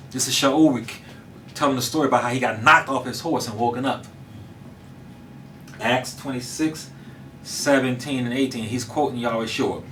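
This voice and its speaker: A man's voice: medium pitch, sharp tone, slight background noise. A man preaching a sermon, fervent and emphatic, talking casually and addressing his listeners directly. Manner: casual colloquial speech, addresses audience directly.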